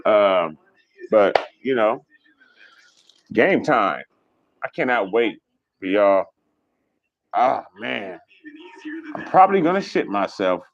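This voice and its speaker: A man hosting a casual livestream, chatting fast and rambling, swearing freely as he reads viewer comments. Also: lowish voice, very animated, vocal fry, lo-fi sound. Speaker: livestream host.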